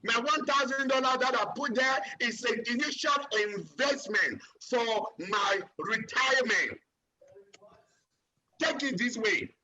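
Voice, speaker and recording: A man's voice: extremely high pitch, bright, forceful tone, rough recording. A man, a transportation engineer, giving a fervent motivational call to action over a video call, chanting slogans and rallying his listeners.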